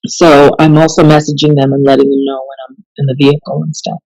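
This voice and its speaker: A woman, a police officer, telling stories in a casual podcast conversation, chatty and animated and laughing often. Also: low voice, quick pace, vocal fry, no echo, rough recording.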